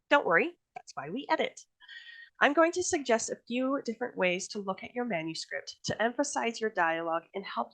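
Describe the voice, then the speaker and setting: A woman's voice: mid-range voice, bright, forceful tone, poor audio. A woman author giving a recorded workshop presentation on writing, in a chatty, friendly teaching tone that laughs easily.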